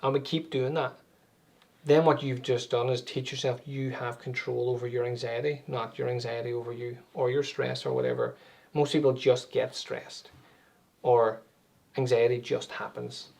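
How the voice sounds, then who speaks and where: A man's voice: medium pitch, little pitch movement, normal speed, creaky, a little mellow. A man, an anxiety and meditation coach, explaining things conversationally with everyday examples as an interview guest.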